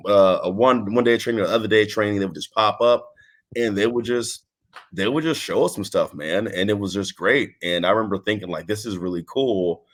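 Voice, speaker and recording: A Texan wrestling guest speaks in a low-pitched voice during a casual interview. Relaxed and unhurried, he rambles loosely, restarting sentences, trailing off, and laughing.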